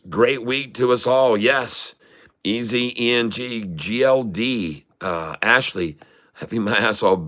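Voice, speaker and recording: A man's voice: mid-range voice, fairly bright tone. A middle-aged man hosting a live day-trading stream, upbeat, greeting viewers and reading out their chat messages. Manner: upbeat, reads out viewer comments, hypes the audience. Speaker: day-trading livestream host.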